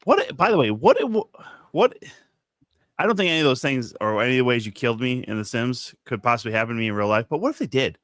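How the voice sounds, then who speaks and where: A man's voice: medium pitch, very animated, fast talker, a bit bright, dry recording. A man from Minnesota co-hosting a casual wrestling podcast over a video call, sarcastic and profane. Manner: sarcastic, profane, self-deprecating. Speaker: podcast co-host. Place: home, streaming live.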